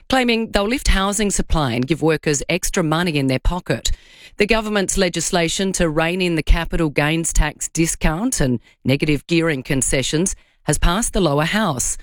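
Low-voiced woman reading radio news. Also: no room sound. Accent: Australian. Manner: measured formal news delivery. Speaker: news presenter.

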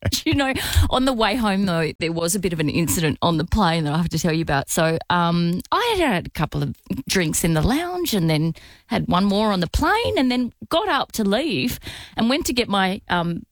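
An Australian woman co-hosting a radio show, telling animated stories and giggling often. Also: fairly low pitch, normal speed, dry recording. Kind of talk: casual chat, storytelling.

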